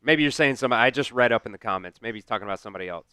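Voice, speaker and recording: A man's voice: medium pitch, rapid-fire, bright, forceful tone, clear, resonant tone, no echo, studio quality, faint music behind. A man hosting a live-stream football watch-along, calling plays and venting at his team while answering the chat. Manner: frustrated, talks back to chat, swears. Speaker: host doing live play-by-play. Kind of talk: casual live-stream commentary.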